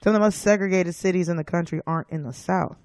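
A man talking as a guest in a casual conversation, blunt and swearing freely, in quick bursts with restarts. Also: sits high, darkish tone, no echo, studio quality.

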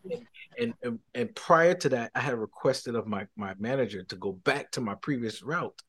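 A man, a podcast guest telling a faith story in a lively way, acting out quotes and laughing. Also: mid-range voice, normal speed. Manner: animated, acts out quotes, laughs. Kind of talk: storytelling testimony.

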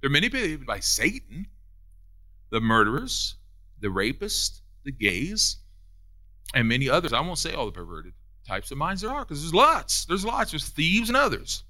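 A man preaching a sermon, repeating lines for emphasis and building to loud, high peaks. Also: very animated. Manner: preaching with rising emphatic peaks and quick repetitions.

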